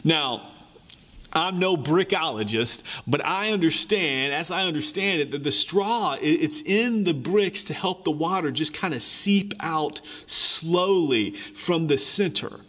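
A man preaching a sermon, reading scripture and then retelling the story in a lively, conversational way. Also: fairly high pitch, unhurried. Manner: animated storytelling, paraphrases characters in lively voices. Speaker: pastor.

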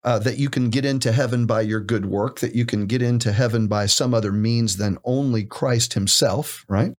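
A man's voice: medium pitch, normal speed. A man co-hosting a podcast, teaching from scripture in an emphatic, conversational way and asking rhetorical questions. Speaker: podcast co-host and preacher.

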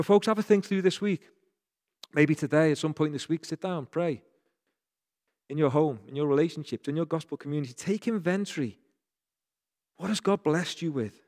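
A man's voice: on the high side, a little mellow, big-room sound. A man with a Northern English accent preaching a sermon as pastor, earnest and repeating phrases for emphasis.

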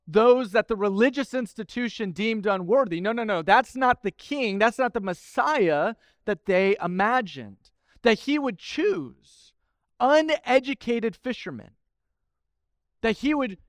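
High-voiced pastor preaching, dry sound. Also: male voice, a bit bright, dry recording. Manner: conversational and playful, building to emphatic repetition. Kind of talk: sermon.

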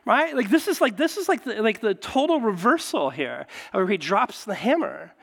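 A man preaching a sermon as pastor, animated and conversational, often checking in with "right?". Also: high-pitched, normal speed, creaky, long reverb tail.

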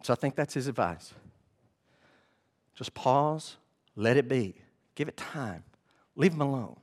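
A male pastor preaching a sermon, animated and often asking the congregation questions. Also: mid-range voice, a little slow.

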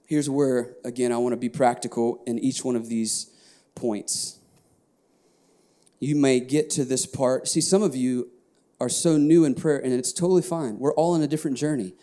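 A male pastor preaching a sermon, swinging from quiet, whispered prayer lines to animated shouts of praise. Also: mid-range voice, normal speed.

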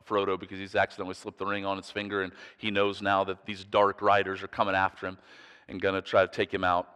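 A man's voice: fairly low pitch, a bit bright, clean tone, long reverb tail. A man preaching a sermon in an earnest, emphatic way, putting pointed questions to his listeners. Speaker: pastor.

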